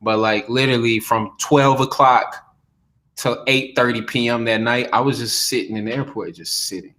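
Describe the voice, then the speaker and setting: A man's voice: medium pitch, steady tone, moderate pace, fairly bright tone. A young man co-hosting a casual podcast chat, telling stories in a loose, profane way. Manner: loose, profane storytelling with laughs. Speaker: podcast co-host and rapper.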